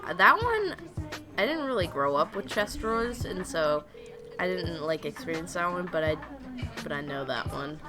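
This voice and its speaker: A woman's voice: lowish voice, lively intonation, moderate pace, music in the background. A young woman from Tennessee with a Southern accent, co-hosting a podcast in casual chat, full of fillers and laughs. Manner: chatty, laughs often, many fillers. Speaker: podcast co-host.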